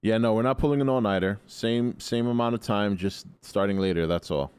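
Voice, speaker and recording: A man with a low, sleepy-rough voice hosts a live stream from his desk mic, sounding like he has just woken up. He talks in loose, opinionated rambles, swears freely and answers his chat as he goes. The sound is dry and close. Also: brisk, darkish tone, dry recording. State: groggy just-woken morning voice. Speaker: livestream host.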